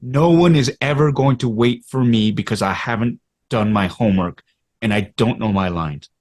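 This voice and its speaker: In a conversational, candid style, a man in his fifties, a Canadian actor on a podcast, relates stories from his career in a mid-range voice at a normal pace. He's animated, performing both quoted lines and inner thoughts.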